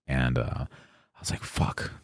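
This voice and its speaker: A man's voice: rumbling low, fast talker, dry recording, clean studio sound. A young man telling stories casually on a podcast, swearing freely and acting out the voices of the people he quotes. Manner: animated storyteller, swears freely, acts out quotes. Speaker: podcast guest. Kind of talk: casual storytelling chat.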